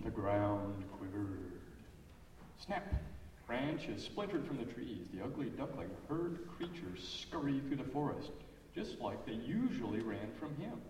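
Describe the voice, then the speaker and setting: Lively man reading a storybook. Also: medium pitch, measured pace. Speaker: children's storyteller in church. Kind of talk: reading a storybook aloud to children. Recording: echoey church hall, far off, faint noise.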